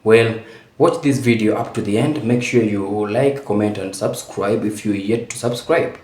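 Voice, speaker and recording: A man hosting his YouTube channel, introducing a video in a relaxed way with frequent fillers. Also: on the low side, normal speed, echoey room. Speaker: YouTube host.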